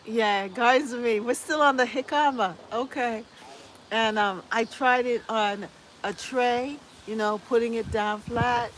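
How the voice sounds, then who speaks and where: Woman, fairly high voice, casual live-stream host, reads chat aloud, faint hiss behind. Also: takes it slowly, a bit bright. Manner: chatty, reads viewer comments aloud, laughs often.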